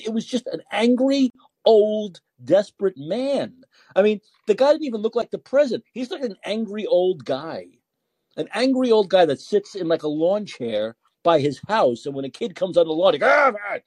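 A man's voice: high voice, animated, moderate pace, dark tone, no echo. An older man hosting a political call-in podcast, talking in a sarcastic, exasperated way and repeating himself for emphasis. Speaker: podcast host.

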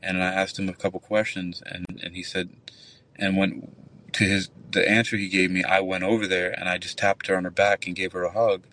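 A man's voice: low-pitched, fairly quick, recorded from a distance, a little hiss or hum. A man who works as a nightclub bouncer, telling a long, rambling, profane story in casual call-in chat. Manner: rambling, profane, animated retelling.

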